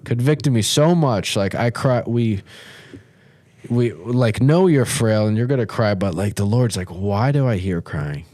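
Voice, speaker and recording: A man's voice: mid-range voice, unhurried, darkish tone, no echo. A man co-hosting a church talk show, chatting casually about faith with many fillers and frequent laughs.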